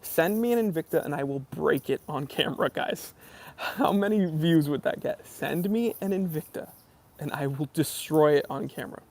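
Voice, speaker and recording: Gravelly, joking live-stream host. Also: male voice, on the high side, normal speed. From Los Angeles area. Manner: joking, animated, self-deprecating banter. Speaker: YouTube channel host doing a live stream Q&A. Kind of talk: casual live-stream chat reading comments.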